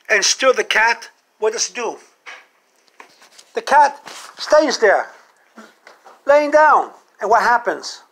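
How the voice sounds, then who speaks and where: A man vlogging a comic monologue to camera, animated and full of rhetorical questions. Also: extremely high pitch, slow pace, long pauses.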